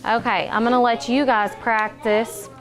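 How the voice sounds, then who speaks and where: A woman teacher leading a small group of young children through a phonics lesson. She speaks patiently and prompts often, saying each word slowly and clearly. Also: on the high side, flat delivery, a crowd in the background. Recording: classroom with children talking nearby.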